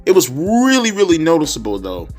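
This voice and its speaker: A man's voice: fairly high pitch, wildly swooping pitch, a little fast, a little mellow. Profane ranting man, music behind. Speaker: wrestling commentary vlogger. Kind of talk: profane rant.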